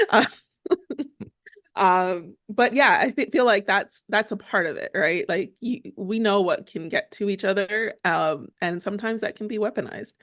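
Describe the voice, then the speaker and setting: A woman's voice: mid-range voice, expressive, unhurried, fairly bright tone, no room sound, clean studio sound. A woman co-hosting a family podcast, chatting casually with many fillers and easy laughter. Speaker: podcast co-host. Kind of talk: casual chat.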